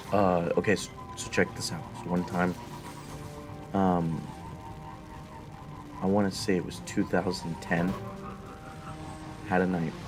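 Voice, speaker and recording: A young man streams a game and rambles through crude stories and mock-serious musings. His voice is very low. Game music plays clearly behind him. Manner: rambling, profane, mock-philosophical storytelling. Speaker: live streamer. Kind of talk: casual chat while gaming.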